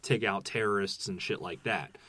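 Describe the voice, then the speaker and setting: A man co-hosting a movie review podcast, talking in a loose, profane, excitable way. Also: fairly low pitch, moderate pace, husky. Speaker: podcast co-host. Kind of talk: casual movie review chat.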